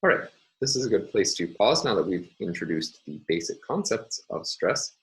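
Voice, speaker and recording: A middle-aged man giving a recorded university lecture, explaining step by step in a measured way with frequent ums and uhs. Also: low voice, big pitch swings, a bit bright, low-quality recording.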